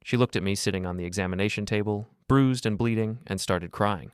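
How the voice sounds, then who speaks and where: An older man narrating a dramatic first-person story in a steady, scripted manner. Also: on the low side, fairly quick, clean tone, no echo, clean studio sound.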